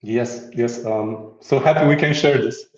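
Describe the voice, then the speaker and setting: Playful man demoing software, echoey remote audio. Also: mid-range voice, measured pace. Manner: playful, laughs often, many filler restarts. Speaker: guest demonstrating software. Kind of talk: casual tech demo chat. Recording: roomy, slightly dull remote audio.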